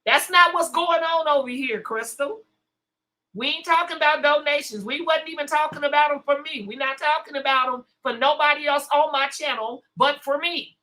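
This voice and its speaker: A woman's voice: high-pitched, normal speed, sharp tone, rough recording. A woman hosting a casual livestream, sassy and blunt as she talks back to her chat. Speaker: livestream host.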